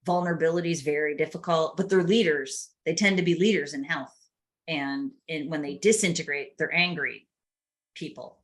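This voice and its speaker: Lower-pitched middle-aged woman telling stories. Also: moderate pace. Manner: chatty storytelling with laughs. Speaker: podcast host. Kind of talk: casual chat.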